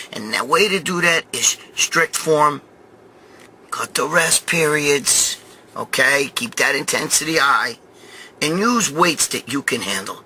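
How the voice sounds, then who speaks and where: A middle-aged man, giving a blunt, profane gym pep talk that grows loud and excited as a bodybuilding vlog host. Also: fairly high pitch, a little hiss or hum. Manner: blunt, swearing, repeats himself, growing loud and excited. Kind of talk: profane motivational gym rant.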